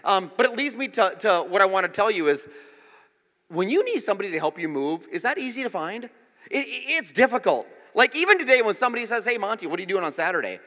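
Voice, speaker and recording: A pastor in his forties preaches a sermon in a church auditorium, spinning jokey stories and giving voice to the quotes. His high-pitched, sing-song voice is bright and forceful, and he talks fast. The recording carries the reverberation of the hall.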